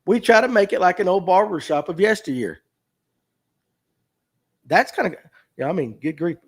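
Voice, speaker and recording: A man's voice: sits high, expressive, normal speed, slightly rough. A man in his fifties with a North Georgia Southern drawl, hosting a fishing show and chatting folksily while reading out viewer comments. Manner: folksy, chatty, answers chat questions aloud. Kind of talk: casual livestream talk reading viewer comments.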